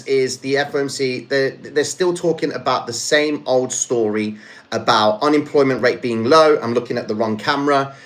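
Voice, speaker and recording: A man's voice: medium pitch, fairly bright tone. Brief: man, live-stream host, frustrated, apologetic, keeps addressing chat. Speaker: livestream host.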